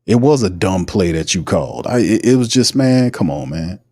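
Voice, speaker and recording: A man's voice: deep voice, expressive, normal speed, dark tone, dry recording, studio quality. A man hosting a sports livestream, ranting in a heated, repetitive way. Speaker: sports podcast host. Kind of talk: casual livestream commentary.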